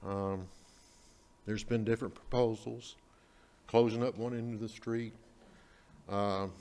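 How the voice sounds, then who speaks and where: A man's voice: on the low side, level tone, a little slow, a little mellow. Earnest man giving public comment. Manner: earnest, slightly hesitant.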